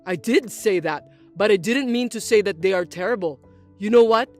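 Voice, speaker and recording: A woman voicing a patient adult son who answers his mother in a low, measured way, in a dramatized story reading. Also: soft background music, close to an everyday voice. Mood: firm. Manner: measured, reasoning, low and firm.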